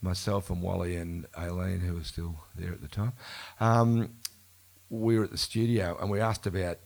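Man, low husky voice, loose storyteller who laughs and backtracks, live bookshop interview. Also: flat delivery, moderate pace, a little mellow. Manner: rambling, self-correcting, laughs often. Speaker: musician being interviewed. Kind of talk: casual storytelling conversation. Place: bookshop event before a live audience. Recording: live event recording.

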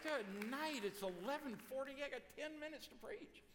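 A man's voice: extremely high pitch, lively intonation, moderate pace, a bit bright, big-room sound, a faint crowd, a little hiss or hum. A man preaching a sermon as pastor, folksy and joking, calling out to people in the room. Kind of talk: sermon with a joke. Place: church sanctuary.

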